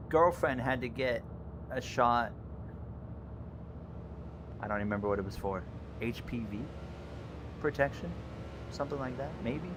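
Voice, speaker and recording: A man chatting live with his viewers while he drives a racing game, rambling in an easygoing way. His voice sits at an ordinary middle pitch. He gets loud and excited when the racing gets close, and a constant background rumble sits under everything he says.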